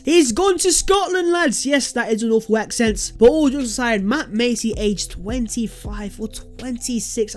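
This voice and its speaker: A speaker hosting a football transfer news vlog. They talk in a lively, sarcastic way, with sudden jumps in pitch and loudness. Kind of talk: fan commentary vlog.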